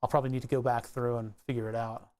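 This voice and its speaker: Unhurried streamer thinking aloud. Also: medium pitch, flat delivery, darkish tone. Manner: muttering to self, frequent self-corrections; unhurried, trailing off mid-sentence. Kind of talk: relaxed think-aloud livestream narration.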